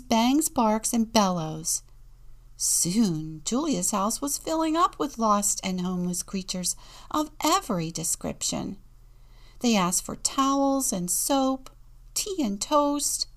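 A woman deacon reads a children's story at an unhurried pace, her voice carrying a gravelly fry. She slips into hushed whispers for the quiet moments and plays up the sound words. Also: mid-range voice. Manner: storytelling, dropping to a whisper for suspense. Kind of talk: reading a children's picture book aloud.

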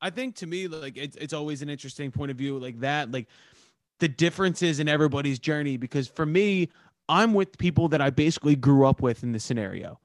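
A man's voice: a little high, a little fast, no room sound. A man hosting a casual chat, laid-back and profane, leaning on "like" a lot. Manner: laid-back, swears, heavy use of "like".

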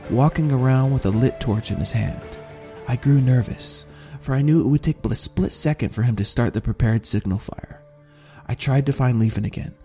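A man narrating a fantasy audiobook in the first person, with steady, measured storytelling. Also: medium pitch.

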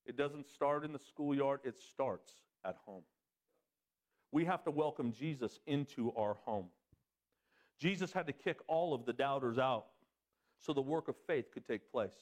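A man preaching a sermon as pastor, talking directly to his congregation. He swings his voice up high for emphasis and drops it low for serious points. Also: unhurried, darkish tone.

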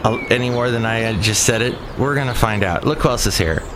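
A man's voice: mid-range voice, fairly quick. Man, Californian accent, podcast host, rambling and wry, road noise behind. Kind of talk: casual rambling monologue. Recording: traffic noise in background.

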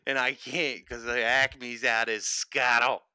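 A brash, boisterous Philly guy who swears freely, as a man puts on the accent. His bright, crisp voice sounds dry and close. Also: mid-range voice, little pitch movement, slow, no room sound. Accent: Philadelphia. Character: exaggerated Philly guy, male adult, brash.

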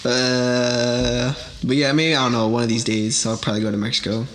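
A man's voice: medium pitch, flat delivery, normal speed, a bit bright, slight background noise. A young man co-hosting a casual podcast chat, joking at his own expense and swearing freely. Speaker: podcast co-host.

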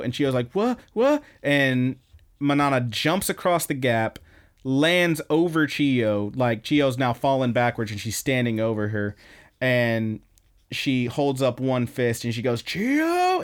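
A young man hosting a podcast, casually rambling through an anime episode recap and acting out the lines. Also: medium pitch. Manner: rambling, animated retelling, acts out quotes. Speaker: podcast host.

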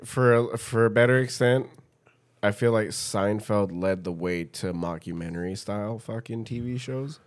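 A man's voice: on the low side, normal speed. A man co-hosting a podcast in casual chat, swearing freely and teasing his friend. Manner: profane, playful teasing. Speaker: podcast co-host.

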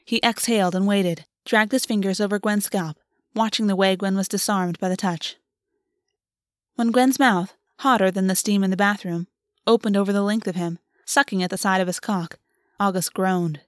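A woman narrating a novel in an even, measured audiobook reading. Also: medium pitch, no room sound, clean studio sound. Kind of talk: scripted narration.

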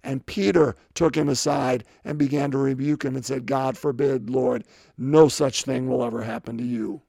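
Gravelly-voiced man preaching conversationally. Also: mid-range voice, fairly even intonation, normal speed, mellow, dry recording, studio quality. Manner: conversational, asks rhetorical questions; acts out scripture quotes with voices. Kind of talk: sermon.

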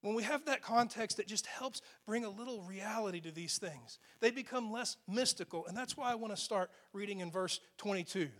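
Male pastor with a high voice, preaching in a church; conversational and emphatic, with asides to the listeners. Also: a little fast, hardly any pauses, fairly bright tone. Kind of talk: sermon. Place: church sanctuary.

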